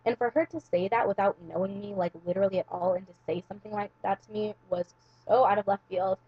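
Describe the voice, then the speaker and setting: A woman's voice: medium pitch, fairly even intonation, quick pace, husky, no room sound, muffled recording. A young woman telling a long personal story to camera in a casual, rambling way, full of "like" and "um.". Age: young adult. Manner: rambling, heavy use of "like" and "um". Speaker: vlogger.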